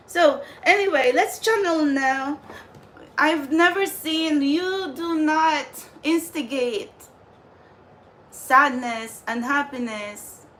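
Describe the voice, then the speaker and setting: Woman, angry vlog rant, high voice, slow deliberate pace, swears a lot. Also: fairly bright tone, a little hiss or hum. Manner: ranting with profanity and repeated "like". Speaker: spiritual channeler vlogger.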